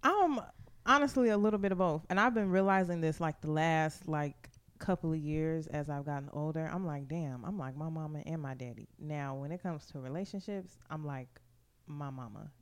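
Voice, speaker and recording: A woman's voice: low-pitched, moderate pace, smooth. A woman talking in a casual podcast chat, candid and profane, full of fillers. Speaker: podcast co-host.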